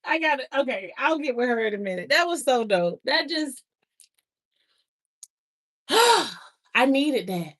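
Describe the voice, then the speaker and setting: A woman hosting a casual livestream, talking in an emotional, excitable way full of laughter and slang, close to tears. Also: high voice, brisk, few pauses. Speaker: livestream host.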